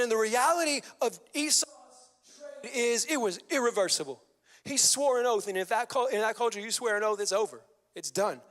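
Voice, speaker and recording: A man's voice: high voice, fairly bright tone. A male pastor preaching a sermon with energy, mixing scripture with casual slang asides. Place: church sanctuary. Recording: long hall reverb.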